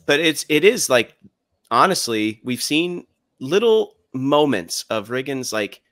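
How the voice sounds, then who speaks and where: A man's voice: medium pitch, big pitch swings, measured pace, a bit bright, no echo, studio quality. A man co-hosting a podcast, thoughtfully recapping scenes at length in casual chat. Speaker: podcast co-host.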